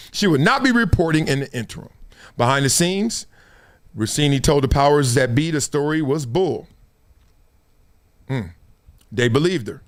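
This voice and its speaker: A middle-aged man hosting a live sports talk stream, slangy and animated, acting out quotes as he tells stories. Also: a little high. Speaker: host.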